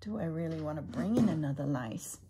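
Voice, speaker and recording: A middle-aged woman chatting casually while she stitches, thinking aloud and drifting into soft asides. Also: sits low, lively intonation, a little fast, noisy background. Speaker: slow-stitching vlogger.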